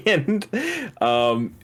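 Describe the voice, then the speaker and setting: A man co-hosting a podcast, explaining film trivia in a casual, giggly way. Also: on the high side. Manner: giggly, explains movie trivia with frequent laughs. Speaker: podcast co-host. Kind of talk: casual movie chat.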